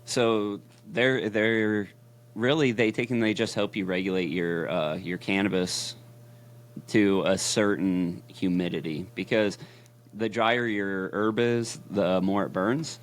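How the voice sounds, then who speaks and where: A man's voice: on the low side, fairly even intonation, slow. A man co-hosting a casual podcast, explaining things in an easygoing, plain way. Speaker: podcast co-host. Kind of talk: casual chat.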